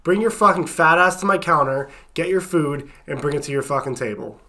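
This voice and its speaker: Bright-voiced young man telling blunt stories. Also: on the high side, a little fast. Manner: blunt, profane storytelling. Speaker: podcast co-host. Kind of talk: casual chat.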